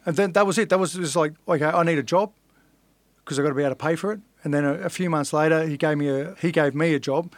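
Middle-aged Australian man, somewhat high voice, blunt storyteller who swears and acts out quotes, dry close mic. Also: fast, no room sound. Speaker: podcast guest, fighter. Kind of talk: casual storytelling.

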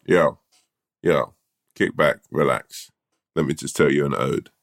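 Very deep-voiced laid-back man. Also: fairly even intonation, a little slow. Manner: laid-back, swearing, slangy storyteller. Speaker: podcast co-host. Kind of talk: casual chat, telling a rambling tall tale.

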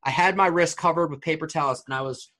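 A man's voice: a little high, fast talker. A man in his forties telling a rambling story in a casual chat, full of fillers. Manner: rambling, filler-heavy, animated retelling.

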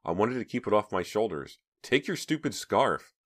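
Male narrator playing a scoffing teenage girl, higher voice, sharp and dismissive. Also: sing-song, normal speed. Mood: scornful. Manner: sarcastic, scoffing. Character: scornful sneering teenage girl.

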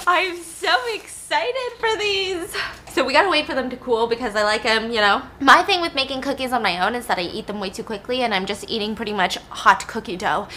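A woman's voice: fairly high pitch, pushed and bright, slight background noise. A young woman casually retelling a film plot in a chatty way, with lots of like and you know. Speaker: storyteller.

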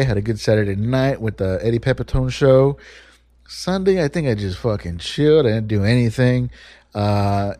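Casual and animated, a man tells a rambling, swear-filled story in a dark, mellow, fairly low voice. He's close and dry on a podcast microphone, with no room sound or echo.

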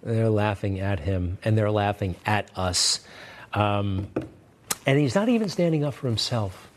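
A man's voice: lowish voice, lively intonation, unhurried, a little hiss or hum. A man hosting an opinion news show, talking in a sarcastic, combative way and repeating phrases for emphasis. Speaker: TV news commentary host.

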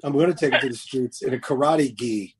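Husky-voiced man in his fifties. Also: medium pitch, a little fast, no echo. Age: 50s. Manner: rambling, jokey, many fillers and restarts. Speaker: podcast co-host. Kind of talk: casual chat. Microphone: remote call mic.

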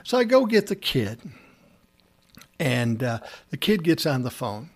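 A man's voice: mid-range voice, very animated, a little slow. A man telling a casual anecdote from his time as a music producer, acting out the dialogue and swearing freely. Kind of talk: casual spoken storytelling.

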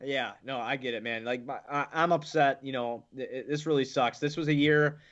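A man's voice: medium pitch, fairly even intonation, normal speed, fairly bright tone, lo-fi sound. A man hosting a casual sports podcast, talking loosely and frankly and swearing now and then. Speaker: podcast host.

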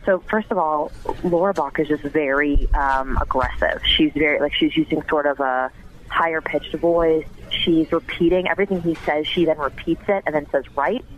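A man's voice: fairly high pitch, steady tone, normal speed, fairly bright tone, dull audio, a little hiss or hum. A man recounting courtroom observations casually, with fillers and restarts, over call audio. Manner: hesitant, fillers like "like" and "um". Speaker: trial observer interviewed. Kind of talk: casual explanation.

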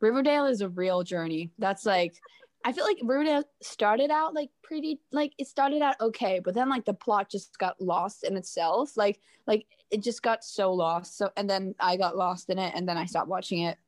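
A woman's voice: medium pitch, normal speed, dry recording. A young woman from Norway chatting casually, rambling with lots of fillers and restarts. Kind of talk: casual chat.

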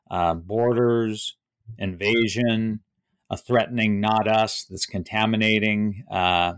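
Male author, book talk, hesitant with fillers, low voice, dry close sound. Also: a bit bright, dry recording. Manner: hesitant, many fillers and restarts.

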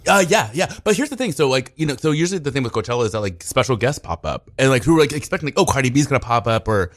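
A man's voice: medium pitch, expressive, racing. A man co-hosting a casual chat, rambling with lots of "like" fillers. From New York. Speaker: podcast co-host.

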